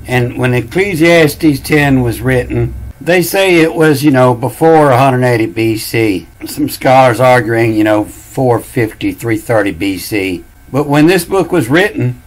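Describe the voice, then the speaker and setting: A man's voice: mid-range voice, rough recording. A man talking through word meanings in a casual monologue, musing aloud, repeating phrases and spelling words out letter by letter. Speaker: channel host.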